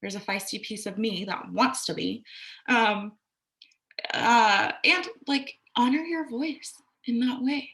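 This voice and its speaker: A woman's voice: fairly high pitch, takes it slowly, fairly bright tone. Candid woman talking through self-care advice. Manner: candid, conversational, swears casually and acts out quoted voices. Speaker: astrology and self-care podcaster. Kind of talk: reflective casual monologue.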